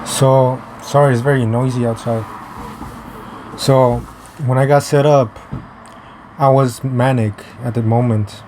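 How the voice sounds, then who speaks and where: A young man tells a story out of doors in a loose, meandering way, stumbling over restarts and dropping fillers and the odd curse. His voice sits at an ordinary middle pitch. Faint traffic hums in the background. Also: steady tone, a little slow, pauses often. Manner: rambling, profane, many fillers and restarts. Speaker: vlogger. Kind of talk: casual storytelling. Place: outdoors.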